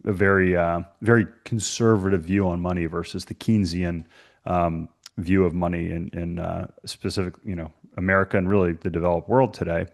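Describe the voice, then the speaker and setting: A man hosts a podcast interview in a casual, chatty way, telling stories full of fillers like "you know." His voice is deep, creaky and brisk, with little movement in pitch.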